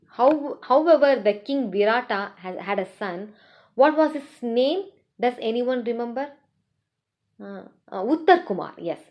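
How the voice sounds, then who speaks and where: Woman teaching a scripture class. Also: fairly high pitch. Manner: lively storytelling, asks the class questions. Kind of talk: storytelling scripture lecture. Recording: dull lo-fi recording.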